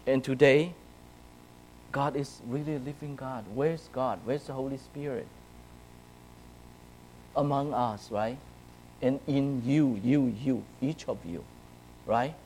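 A man's voice: medium pitch, takes it slowly, long pauses, a little mellow, slight background noise, low-quality recording. A man preaching a sermon to his congregation in a conversational way, often checking in with "right?" and "okay?". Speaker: pastor. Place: church, speaking to a congregation.

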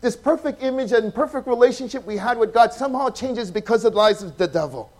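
A pastor, preaching a sermon that swings from loud, emphatic passages to soft, hushed ones. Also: male voice, very high voice, expressive, fast talker. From Hawaii.

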